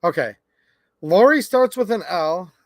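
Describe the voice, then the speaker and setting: Male livestream host, high voice, dry close sound, animated chatty delivery. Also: a little slow, no room sound. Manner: animated, chatty, reads viewer comments aloud. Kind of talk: casual livestream chat.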